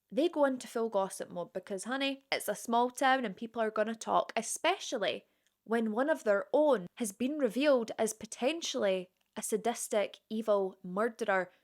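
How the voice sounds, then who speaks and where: A woman telling a true crime story in a casual, chatty way, with conversational asides to the viewer. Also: on the high side.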